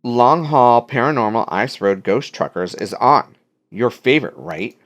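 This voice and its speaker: A man's voice: mid-range voice, expressive, a little slow, a bit bright, lo-fi sound. A man voicing a cheeky teenage daughter. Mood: teasing. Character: cheeky teenage daughter teasing her dad.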